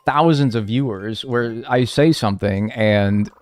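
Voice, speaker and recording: Male streamer, mid-pitched, loose rambling banter with self-mocking jokes, faint game music underneath. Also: unhurried. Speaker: live streamer. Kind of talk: casual live-stream chat.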